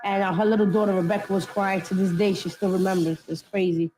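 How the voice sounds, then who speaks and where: A woman's voice: medium pitch, flat delivery, quick pace, dark tone, soft background music, rough recording. A woman, a documentary interviewee, recounting events in blunt, slangy street talk and acting out what others said. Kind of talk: casual recounting.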